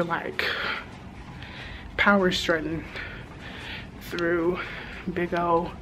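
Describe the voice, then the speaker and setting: A woman, chatting casually to viewers as a flight attendant vlogger and telling a story with animated asides. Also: on the low side, slight background noise, low-quality recording. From Texas. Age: 30s. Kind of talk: casual vlog chat. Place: hotel hallway and room. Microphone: handheld compact camera.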